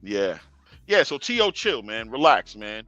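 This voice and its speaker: A man's voice: on the low side, very animated, unhurried, sharp tone, no echo, highs cut off, soft background music. A young man hosting a boxing talk stream in casual street slang, lecturing fighters directly and chuckling. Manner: slangy, talks straight to fighters, chuckling asides. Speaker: boxing show host.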